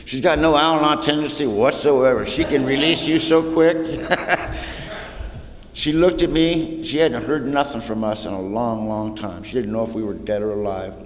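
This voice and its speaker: In an echoey hall with faint background noise, a Southern California man addresses a recovery meeting audience from the podium at a normal pace. His testimony mixes humor with casual southern-flavored slang like "ain't" and "y'all," turning soft and low where it hurts.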